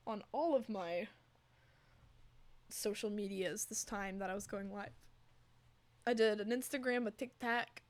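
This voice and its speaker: A woman's voice: mid-range voice, fairly even intonation, unhurried, pauses often. A young woman streaming, chatting casually with her viewers and cooing over her cat. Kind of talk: casual chat with chat.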